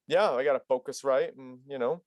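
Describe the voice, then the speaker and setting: A man's voice: medium pitch, brisk, a little mellow, dry recording. A man chatting casually as a podcast guest, a loose, playful storyteller who likes to joke, speaking into a studio mic at home. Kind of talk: casual chat. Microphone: studio dynamic mic at home.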